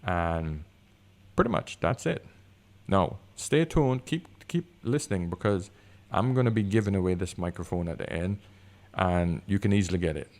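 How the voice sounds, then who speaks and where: A man with a deep bass voice reviewing gear in easygoing casual chat, recorded on a desk condenser mic in a room with high concrete ceilings. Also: moderate pace. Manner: easygoing, excitable, talks with fillers. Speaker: product reviewer. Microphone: desk condenser microphone.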